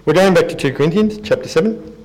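A man with a fairly high speaking voice delivers a sermon. He keeps it conversational and pokes fun at himself, then slows into reading scripture aloud to the congregation. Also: lively intonation, a little mellow, rough recording. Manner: conversational and self-deprecating, reads scripture aloud. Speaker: preacher.

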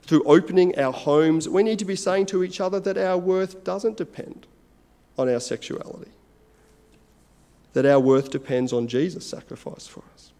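A man preaching a sermon in an earnest, measured way, pausing between phrases. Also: high voice, mellow, big-room sound.

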